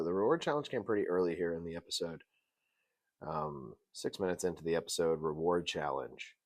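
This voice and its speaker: A very low-voiced man hosts a laid-back review show, his pitch swinging widely. He's joking and animated throughout, switching between loud outbursts and quiet muttering in his casual commentary.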